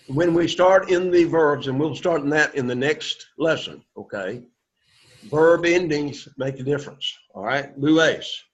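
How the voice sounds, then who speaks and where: A man teaching Greek to a class, coaxing students and repeating words slowly for pronunciation. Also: fairly high pitch, dull audio. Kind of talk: classroom lesson.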